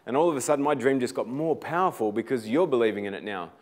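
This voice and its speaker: A man's voice: medium pitch, lively intonation, fast talker, a little mellow. A middle-aged Australian man giving an earnest, inspirational talk, telling personal stories and sometimes repeating words as he builds toward emphatic points. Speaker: motivational speaker.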